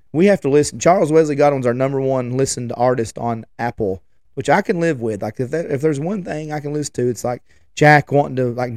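A man's voice: medium pitch, a little mellow, no echo, studio quality. A man, hosting a podcast and telling rambling, chatty stories. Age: 40s. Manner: rambling, chatty, restarts and trails off. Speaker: podcast host. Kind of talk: casual rambling storytelling.

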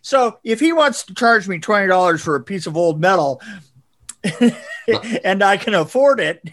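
Older guest, high-pitched, foul-mouthed raconteur who keeps laughing. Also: male voice, expressive, moderate pace, a bit bright. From California. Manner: profane, laughing, rambling storyteller. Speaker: guest, production designer. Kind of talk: casual interview storytelling.

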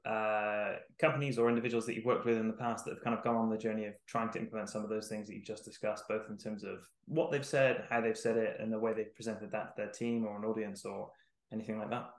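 A man's voice: fairly low pitch, level tone, fast. A man hosting a podcast, asking a casual, rambling question. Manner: casual, searching for words. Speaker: podcast host. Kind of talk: interview question. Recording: roomy echo.

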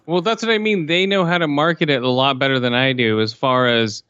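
A man's voice: mid-range voice, fairly even intonation, a little fast, pushed and bright, smooth, no room sound, muffled recording. A young man hosting a podcast, speaking in a laid-back, hesitant way with many fillers. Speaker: podcast host. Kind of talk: casual chat.

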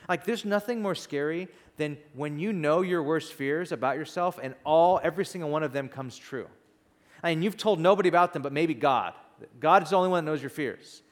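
A man preaching a sermon in a conversational, animated storytelling manner. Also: on the high side. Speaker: pastor. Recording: long reverb in a hall.

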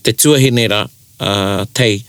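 Man, New Zealand Māori accent, casual talk, lively storyteller, dry recording. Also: on the low side, slow, clean tone, no echo. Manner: animated storyteller who acts out quoted speech. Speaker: te reo Māori speaker in discussion. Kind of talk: casual chat.

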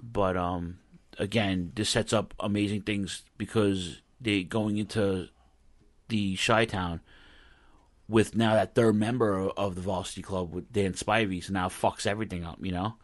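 Man, co-host, low voice, dry close mic, rambling casual chat. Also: steady tone, unhurried, no room sound. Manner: rambling, many restarts and fillers. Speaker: podcast co-host. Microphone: own mic he mutes.

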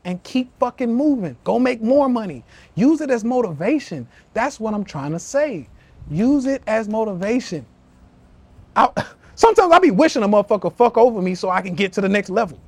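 A high-pitched young man delivering a fired-up motivational rant on a live stream. He swears freely and preaches at his followers, calling them family. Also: animated, normal speed, pauses often, dry recording. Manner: profane, preachy, addresses listeners as family. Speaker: podcast host. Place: live social media stream.

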